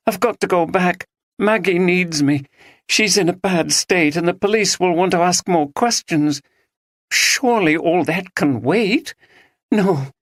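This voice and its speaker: A narrator voicing a shaken but determined young woman, earnest and steady. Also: medium pitch, no echo, clean studio sound, pitched above the performer's own voice, lightly acted. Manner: earnest, resolute.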